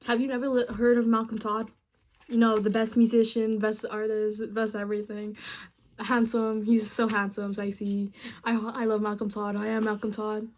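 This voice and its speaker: A woman's voice: medium pitch, flat delivery, moderate pace, darkish tone. A young woman chatting casually with a chatbot. She rambles playfully and mutters asides under her breath.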